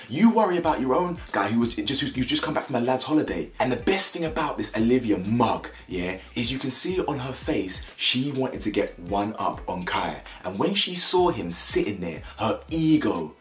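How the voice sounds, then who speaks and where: A young British man giving blunt, slangy, mocking commentary on a reality show. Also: medium pitch. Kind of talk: opinionated reaction commentary. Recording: echoey room with faint music.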